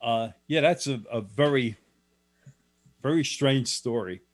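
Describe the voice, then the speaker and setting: A man's voice: mid-range voice, a little slow. A man who is an author telling stories as a guest in an interview, plain and matter-of-fact, with some restarts. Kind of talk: storytelling in a radio interview.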